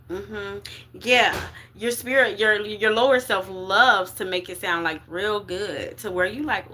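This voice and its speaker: An unhurried woman with a medium pitch and a pushed, bright voice offers a casual spiritual reading to her viewers. Slangy and emphatic, she frequently checks in with listeners, asking "okay?" and "you get what I'm saying?"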